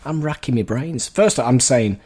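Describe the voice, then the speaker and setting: A man co-hosting a film podcast, telling rambling stories in a relaxed chat. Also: medium pitch, normal speed, breathy edge. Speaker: podcast co-host. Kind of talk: casual storytelling chat.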